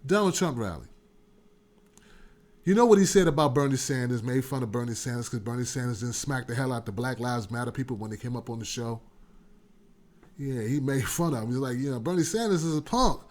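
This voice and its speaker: A man's voice: medium pitch, a little fast, a little mellow. A man hosting a call-in commentary show, talking loose and slangy straight to his audience. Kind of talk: casual talk-show commentary.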